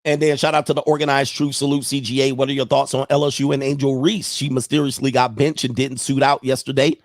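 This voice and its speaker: A man's voice: medium pitch, little pitch movement, fast, no echo, clean studio sound. A man hosting a casual sports livestream, thinking aloud as he goes and chuckling often while he reads viewer messages. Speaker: sports show host.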